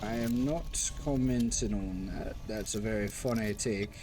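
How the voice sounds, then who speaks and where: A man gives loose, rambling commentary as he plays through a game. He restarts sentences and talks back to the characters. The recording carries a clear bed of background noise. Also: fairly low pitch, a little slow. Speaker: game reviewer and streamer. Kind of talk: casual commentary while playing.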